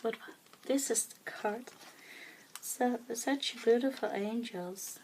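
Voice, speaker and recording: A woman with a Dutch accent, talking softly and hesitantly in a casual show-and-tell vlog, often dropping into a whisper, with many pauses and fillers. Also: on the high side, a little hiss or hum, poor audio. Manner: soft-spoken, often slipping into a whisper. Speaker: craft vlogger.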